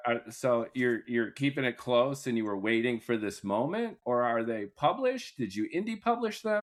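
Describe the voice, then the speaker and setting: A man hosting a podcast, asking questions in a lively, jokey way during a casual interview. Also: mid-range voice, normal speed. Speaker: podcast host.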